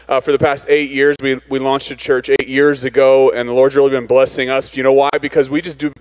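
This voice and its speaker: A man's voice: mid-range voice, poor audio. A visiting pastor from Arizona speaks to a church congregation. He delivers his sermon in an easygoing, conversational way and slips in jokes as he goes. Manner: joking, conversational preaching. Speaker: guest pastor. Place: church sanctuary.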